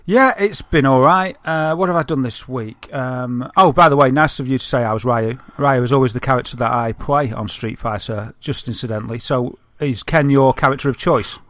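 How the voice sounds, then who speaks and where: A man's voice: mid-range voice, brisk, hardly any pauses, a bit bright, no echo. Chatty northern English man, dry sound. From Northern England. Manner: chatty, rambling storyteller with many fillers. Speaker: podcast co-host. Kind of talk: casual chat.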